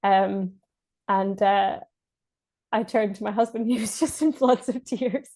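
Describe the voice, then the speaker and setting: A woman's voice: medium pitch, measured pace, darkish tone. A Scottish woman from Scotland, a podcast guest, telling her birth story in casual speech, hesitant with many fillers and restarts and frequent laughs.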